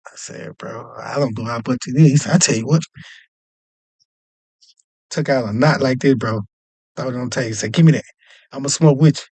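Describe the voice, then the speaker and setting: A young man casually telling a long, animated story, jumping up in pitch whenever he acts out other people's lines. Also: a little fast, pauses often, slightly rough, no echo. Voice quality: animated, acts out quoted voices with jumps in pitch. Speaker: podcast host.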